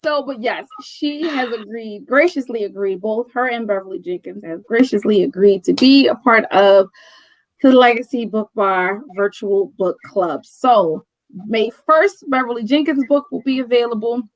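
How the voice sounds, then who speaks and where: A woman who owns a bookstore, telling a story in casual chat, animated and full of "like" and "right?". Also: on the high side, moderate pace, no echo, low-quality recording. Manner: animated storyteller, acting out quoted dialogue; fills speech with "like" and "right?". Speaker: bookstore owner.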